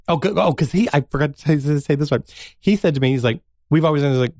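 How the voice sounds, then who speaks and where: A man's voice: on the high side, fast, darkish tone, dry recording, studio quality. A man, a guest playwright and actor, telling stories in casual chat, acting out quotes from his family and laughing often.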